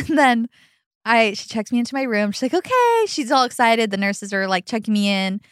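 A woman's voice: a little high, fairly even intonation, moderate pace, a bit bright, clear, resonant tone, no room sound. Young woman, casual storytelling, chatty, lots of fillers, frequent laughs, dry close sound.

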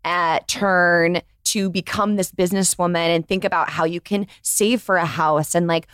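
A woman hosting a podcast interview, relaxed and reflective, asking long questions. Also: fairly low pitch, normal speed, clean tone, dry recording, studio quality. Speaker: podcast host. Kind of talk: casual interview chat.

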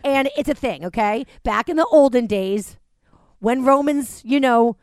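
A woman with a fairly high voice chats from home over a remote link, rattling off quick animated bursts. She laughs often and swears freely. The sound is dry, with no room around her. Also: no echo. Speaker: podcast co-host. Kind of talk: casual chat over a remote call.

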